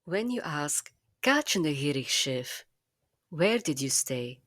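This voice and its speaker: Slow, low-voiced woman teaching. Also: very animated, fairly bright tone, no room sound, clean studio sound. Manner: slow, careful, clearly enunciated teaching delivery. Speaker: language teacher. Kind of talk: scripted language lesson narration.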